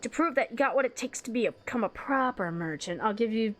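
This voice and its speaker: A woman reading aloud for a sly male underground market dealer in a game, in a slightly lowered, businesslike tone. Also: expressive, quick pace, fairly bright tone. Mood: scheming.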